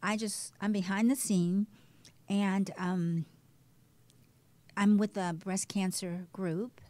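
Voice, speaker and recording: A woman guest telling her personal story in a candid, animated way, dropping to a hush at times. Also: mid-range voice, slow pace, no room sound. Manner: candid, animated, shifts between loud and hushed. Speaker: guest, breast cancer survivor. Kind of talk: emotional personal testimony.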